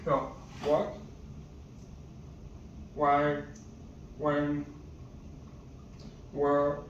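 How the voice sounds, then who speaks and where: Hesitant male teacher with a higher voice, listing words one at a time, recorded muffled in an echoey room. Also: monotone, very slow, recorded from a distance, a little hiss or hum. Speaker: language teacher. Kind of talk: casual vocabulary lesson.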